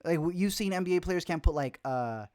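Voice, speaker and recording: A man's voice: high voice, lively intonation, a little fast, a little mellow, no echo, clean studio sound. A young man hosting a casual livestream, talking about films he missed, rambling with lots of fillers and restarts. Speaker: film reviewer, host.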